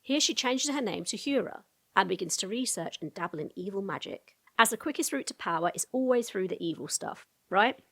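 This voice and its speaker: A woman narrating a fantasy lore explainer video in a brisk storytelling tone, with casual asides to the viewer. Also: medium pitch, expressive, vocal fry, fairly bright tone.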